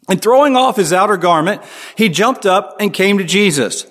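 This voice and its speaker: Male pastor, fairly high voice, chatty sermon delivery, long reverb from the sanctuary. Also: normal speed, fairly bright tone. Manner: conversational preaching, asks the congregation questions.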